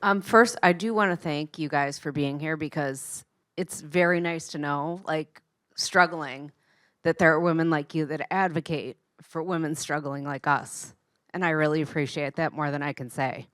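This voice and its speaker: Low, smooth-voiced woman in the audience. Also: steady tone, moderate pace, a bit bright, no room sound, clean studio sound. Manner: grateful and polite. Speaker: audience member asking a question. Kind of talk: audience question at a live panel.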